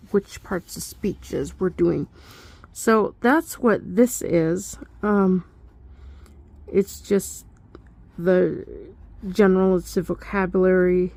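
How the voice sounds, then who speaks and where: A woman's voice: lowish voice, vocal fry, mellow. A young woman giving a casual, rambling study update, thinking aloud with fillers and little laughs. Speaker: homeschool student.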